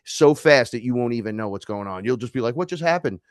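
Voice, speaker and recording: A man from New York, a podcast guest, telling stories in a casual, animated way, swearing and acting out the dialogue. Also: mid-range voice, fast talker, clean tone, no echo, clean studio sound. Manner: animated, profane, acts out quoted dialogue. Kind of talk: casual storytelling conversation.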